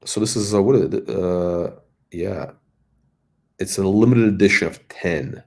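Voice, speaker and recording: A deep, gravelly voice with a darkish tone belongs to a middle-aged watch reviewer who takes his time. He rambles casually between commentary and anecdotes, often groping for words.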